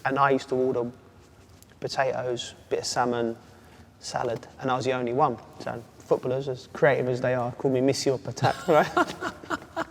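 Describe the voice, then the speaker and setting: A man, a former footballer telling animated stories as an interview guest. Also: medium pitch, moderate pace, vocal fry. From England. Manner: animated storyteller, does voices and laughs. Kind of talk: casual chat. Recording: long reverb, faint ambient noise.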